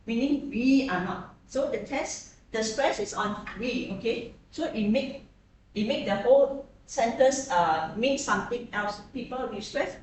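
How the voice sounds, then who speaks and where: A woman's voice: on the high side, lively intonation, unhurried. A woman lecturer teaching a class, who keeps checking in with her students through frequent tag questions. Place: echoey classroom. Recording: very echoey classroom, distant mic, faint hiss.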